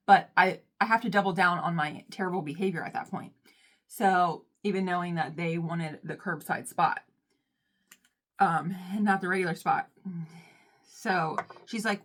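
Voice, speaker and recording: A young woman telling a storytime in casual chat, dramatic and self-mocking, jumping between loud outbursts and hushed, whispery asides. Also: lowish voice, moderate pace. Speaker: storytime vlogger.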